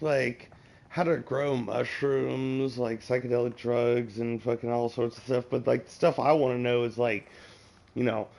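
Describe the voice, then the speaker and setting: Streamer: gravelly guy, rambling, swears a lot, loose casual chat. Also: medium pitch. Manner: profane, rambling, advice-giving. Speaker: game streamer.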